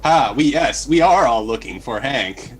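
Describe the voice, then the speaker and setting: A man playing a friendly android who speaks stiffly and formally, with a husky voice. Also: medium pitch, expressive, measured pace, rough recording. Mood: earnest. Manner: stiff, overly formal speech. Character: cheerful, formal male android.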